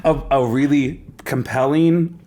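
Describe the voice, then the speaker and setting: A man's voice: medium pitch, fairly even intonation, measured pace, mellow. A young man co-hosting a podcast who chats casually and playfully teases his co-host as they tell a story together. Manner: playful, teasing, adds to the story.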